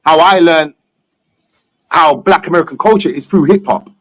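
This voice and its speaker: A man's voice: fairly high pitch, moderate pace, a bit bright. A man from England, a stream guest talking bluntly and opinionatedly, swearing freely. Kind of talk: casual chat on a live stream.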